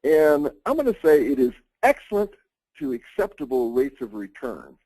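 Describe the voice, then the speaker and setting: A man talks through a webinar lesson in a loose, conversational way, stumbling over restarts and "you know"s. His voice is mellow and relaxed, close and dry on the mic with no room sound. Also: fairly high pitch, normal speed, dry recording, poor audio. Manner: conversational, many fillers and restarts. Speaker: webinar presenter on insurance planning. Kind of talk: informal webinar lecture.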